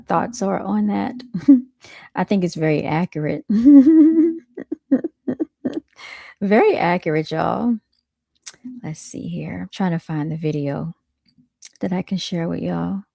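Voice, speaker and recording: A woman's voice: on the low side, unhurried, gravelly, mellow, dry recording. A woman streaming a reaction to clips, chatting casually with her viewers and laughing often.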